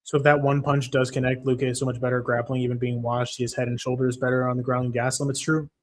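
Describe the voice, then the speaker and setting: A man's voice: medium pitch, little pitch movement, quick pace. Profane, fed-up young male streamer. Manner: profane, frustrated ranting; reads chat comments aloud. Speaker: livestream host. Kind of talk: live fight-watching stream commentary.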